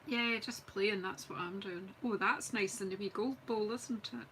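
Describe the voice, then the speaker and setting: A woman's voice: medium pitch, normal speed, a bit bright, a little hiss or hum, low-quality recording. A Scottish woman chatting casually and thinking aloud as she demonstrates card making on a live stream. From Scotland. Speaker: craft demonstrator. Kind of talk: live craft stream chat.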